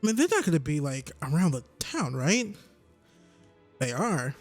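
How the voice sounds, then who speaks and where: A man's voice: a little high, sing-song, normal speed, faint music behind. A man in his twenties rambling and joking as he commentates a video game. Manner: rambling, joking, talks to himself. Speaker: gaming YouTuber.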